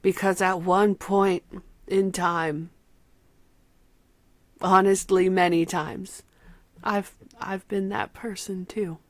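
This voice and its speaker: Slow, heartfelt woman near tears. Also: medium pitch, steady tone, no room sound. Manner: heartfelt, slow, trailing into soft whispers. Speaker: album reviewer. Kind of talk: emotional personal vlog talk.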